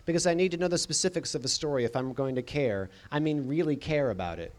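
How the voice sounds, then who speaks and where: A man reading first-person scripted narration in a deadpan, dry comic manner. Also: fairly high pitch, quick pace. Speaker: audiobook narrator.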